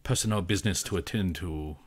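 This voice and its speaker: A man voicing a thin, stiff house official who speaks in a measured, formal way. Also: low-pitched.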